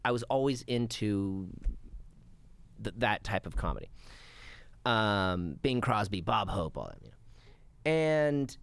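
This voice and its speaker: A man's voice: on the low side, slow, vocal fry, long pauses, smooth. A man chatting as a podcast guest, telling stories animatedly and acting out old scenes. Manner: animated storyteller, acts out scenes and laughs. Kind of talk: casual chat.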